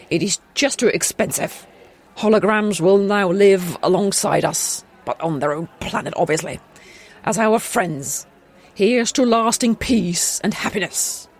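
A woman voicing a pompous male king who makes royal proclamations slowly and loudly. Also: medium pitch, natural voice. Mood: regal. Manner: slow, loud, stately proclamation.

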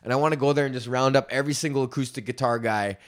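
A man's voice: medium pitch, very fast. A young man hosting his own podcast, ranting casually and swearing often as he rambles. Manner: profane, rambling, breaks into sung freestyle bits. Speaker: podcast host. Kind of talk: casual solo rant.

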